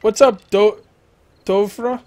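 A man's voice: sits high, fairly even intonation, takes it slowly, darkish tone, a little hiss or hum. A young man chatting casually on a game live stream, rambling, laughing often and reading viewers' messages aloud.

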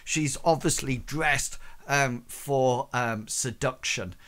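A man running a tabletop game as game master, narrating scenes with lots of fillers and hesitations. His delivery is slow and unhurried. The tone is bright and clear. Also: medium pitch.

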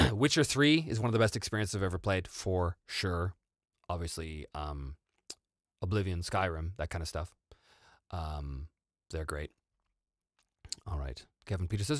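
A North American man hosting a casual livestream Q&A, animated and quick to laugh as he tells stories. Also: on the low side, no echo, studio quality. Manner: animated, laughing, self-interrupting. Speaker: host and voice actor.

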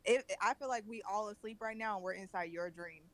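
A teasing woman on a gossip podcast keeps firing quick questions. Her pitch sits in the middle. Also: fairly bright tone. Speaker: podcast co-host. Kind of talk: casual chat.

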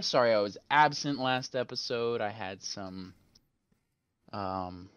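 Casting: young male co-host, bright forceful tone, rowdy banter, dry close sound. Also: on the low side, slow pace, smooth, no echo, dull audio. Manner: joking, loud, swears freely, puts on a radio host voice. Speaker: podcast co-host. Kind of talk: casual chat.

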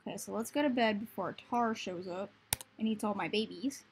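A woman's voice: medium pitch, fairly quick, slight background noise. A young woman giving casual gameplay commentary, often cooing baby talk at the creatures on screen. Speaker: gaming video host.

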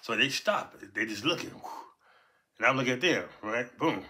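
A man in his fifties from Los Angeles tells a story casually, animated and profane, and punctuates his beats with sound words. His voice is bright and forceful, and his pitch sits in the middle. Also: moderate pace.

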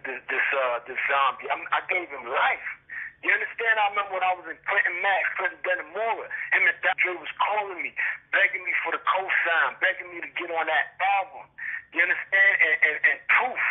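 A man's voice: fairly high pitch, vocal fry, breathy edge. A man from Brooklyn with a New York accent, a guest in a phone interview, talking in streetwise slang and keeping on asking whether he is understood. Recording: tinny phone line.

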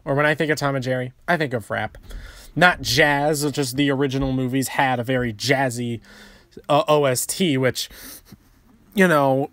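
A young man giving a casual movie review, talking fast with stutters and restarts, ranting and sarcastic. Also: mid-range voice, a bit bright, no room sound.

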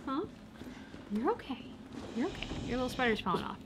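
A woman hosting a casual game livestream, chatting and reading chat aloud in an animated way, often cooing soothingly. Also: high-pitched, fairly quick, noisy background. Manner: animated, soothing and coos to her dog, reads chat aloud. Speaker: let's play streamer.

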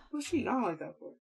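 A woman with a fairly low, husky voice hosts a horror game channel. She's loud and jumpy, yelping and shouting at scares and teasing the game characters in slangy talk.

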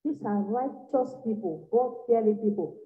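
Woman evangelist, high voice, fiery revival preaching, echoey room. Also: lively intonation, normal speed. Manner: exhorting, repetitive, swinging from soft to loud bursts. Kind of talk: revival sermon. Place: church meeting room. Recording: echoey, dull lo-fi room recording.

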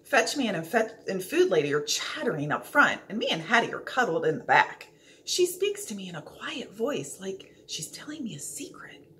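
A woman reading a children's book aloud in an expressive, playful storytelling manner. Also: medium pitch, normal speed, a little hiss or hum.

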